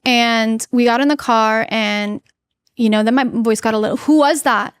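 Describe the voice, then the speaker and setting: A woman with a fairly high voice tells an earnest personal story as a podcast guest. She halts often, restarting her sentences and filling the gaps with fillers. Her voice sounds dry and close to the mic. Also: fairly even intonation, moderate pace, smooth, no room sound.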